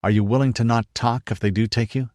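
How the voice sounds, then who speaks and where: A man's voice: mid-range voice, steady tone, fast, a little mellow, no echo, studio quality, natural voice. A man doing a blunt, wary big easterner. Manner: blunt, cautious. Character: big wary male traveler from the East.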